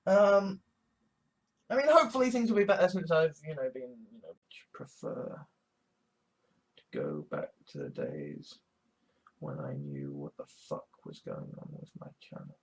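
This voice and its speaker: A woman's voice: a bass voice, sing-song, a little slow, vocal fry, darkish tone, breathy edge. A woman vlogging, ranting bluntly and swearing constantly as she comments. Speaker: video blogger.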